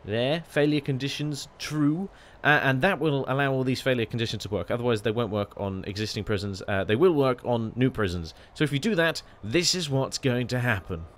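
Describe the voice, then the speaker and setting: A man talking through a video game in a loose, chatty way, quick to exclaim and poke fun at himself. His voice sits at a middling pitch. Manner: chatty and self-deprecating, often exclaiming. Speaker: gaming channel host. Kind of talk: casual game commentary.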